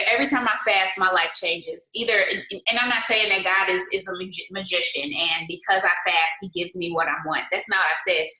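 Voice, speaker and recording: A woman with a lowish, sharp voice hosts a motivational livestream, reading viewer comments aloud, cheering people on and leading a prayer. The room has a noticeable echo.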